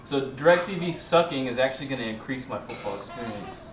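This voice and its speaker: A man's voice: mid-range voice, expressive, fairly quick, recorded from a distance, soft background music. A young man joking around with his family at home, heard from across the room. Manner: joking, teasing. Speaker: husband and father. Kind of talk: casual family banter. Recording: echoey room, off-mic.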